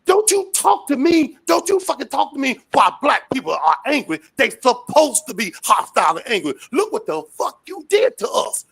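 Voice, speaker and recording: A man from the United States giving a fiery, profane rant in a street interview, often shouting. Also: very high-pitched, wildly swooping pitch, moderate pace, vocal fry, hardly any pauses, breathy edge.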